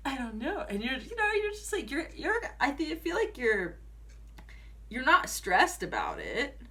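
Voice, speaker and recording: A woman's voice: sits high, wildly swooping pitch, measured pace, pushed and bright. A woman doing a casual tarot reading, chatty and full of fillers, often breaking into giggles. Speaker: tarot reader. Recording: voice a bit far from mic, faint noise.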